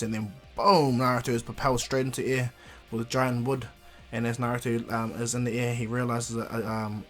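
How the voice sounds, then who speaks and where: A man's voice: medium pitch, fairly bright tone. A man casually retelling a fan story, rambling with frequent fillers and restarts.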